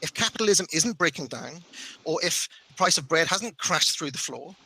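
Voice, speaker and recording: Bright, exasperated man. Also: fairly high pitch, animated, moderate pace, creaky, slightly rough, rough recording. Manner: exasperated, stammering, keeps cutting in by name. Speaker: debater. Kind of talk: heated debate on an online call. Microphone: video call.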